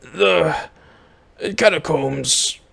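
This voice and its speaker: A man's voice: on the high side, animated, vocal fry, sharp tone, heavily acted. A man putting on a portly, fussy old collector. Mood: courtly. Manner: slow, drawn-out, courtly speech. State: out of breath.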